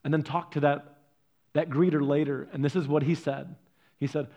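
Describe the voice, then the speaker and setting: Pastor, male, higher voice, earnest sermon storyteller, muffled lo-fi sound. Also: flat delivery, moderate pace. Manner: earnest storytelling, swinging from loud stresses to soft, hushed lines.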